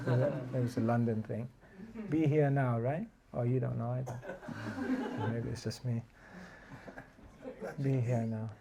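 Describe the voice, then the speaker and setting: A man's voice: mid-range voice, fairly even intonation, a little slow, vocal fry, pauses often, a crowd in the background. A man giving a casual spiritual class, chatty and laughing, telling stories with many fillers. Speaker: spiritual teacher. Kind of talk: casual sermon with storytelling.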